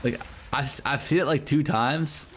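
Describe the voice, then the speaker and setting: A man's voice: fairly high pitch, normal speed, slight background noise. An American man streaming a game, chatting casually with his viewers in a rambling way, full of fillers, swearing and laughter. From United States. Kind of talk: casual livestream chat with viewers.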